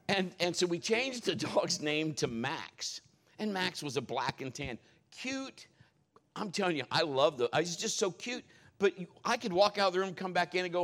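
A man preaching a sermon, telling stories in a jokey, animated way. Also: on the high side, normal speed.

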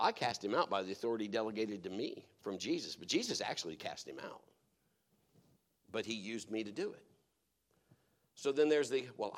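A middle-aged man preaching a sermon, telling stories and swinging between hushed, quiet passages and loud, emphatic exhortation. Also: lowish voice. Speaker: pastor.

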